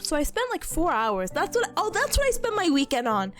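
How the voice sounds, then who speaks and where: A young woman chatting casually on a stream, sick with a nasal, hoarse voice, giggly and rambling. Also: very high-pitched, wildly swooping pitch, brisk, a bit bright, faint music behind.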